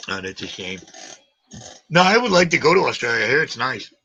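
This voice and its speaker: A man in his forties hosting a live stream, chatting in a rambling, animated way and swearing casually. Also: medium pitch, dry recording. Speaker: livestream host. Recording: dull lo-fi stream audio.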